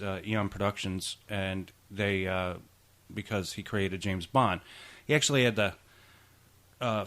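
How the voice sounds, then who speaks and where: A man's voice: fairly low pitch, fairly bright tone. A man co-hosting a podcast in casual chat, rambling through film trivia with many restarts. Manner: chatty, rambling, tosses in goofy impressions. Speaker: podcast co-host.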